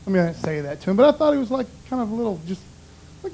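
A man's voice: high-pitched, big pitch swings, very fast, gravelly, mellow, slight background noise, poor audio. A man giving an informal, conversational sermon in a folksy way, often dropping "man" and "you know". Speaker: preacher.

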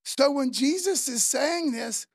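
A woman preacher giving a sermon in a chatty, animated way, acting out the voices she quotes. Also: high-pitched, slow pace, creaky, no room sound, studio quality.

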